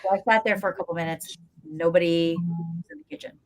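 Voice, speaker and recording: A woman guest, a paranormal investigator, telling stories in a lively, casual way with lots of fillers. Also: lowish voice, brisk, slightly rough. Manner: animated storyteller, acts out scenes, frequent fillers. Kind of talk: casual storytelling interview.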